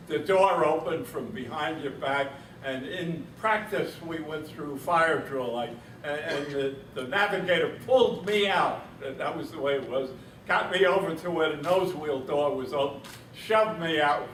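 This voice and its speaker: An elderly man in his eighties recounts a war story for a gathered audience, wry and chuckling as he goes. His voice sits a little high for a man and rings through a roomy space, caught by a distant mic with a faint hiss underneath. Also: fairly bright tone. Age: 80s. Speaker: veteran speaker. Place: reunion event room.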